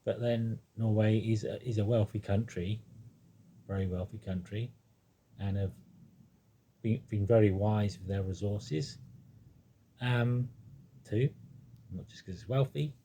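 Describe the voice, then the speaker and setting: A man talking casually about a football team, rambling and hesitant, with many pauses, ums and restarts. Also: on the low side, warm tone, slight background noise. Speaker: football fan commentator. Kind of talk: casual spoken monologue.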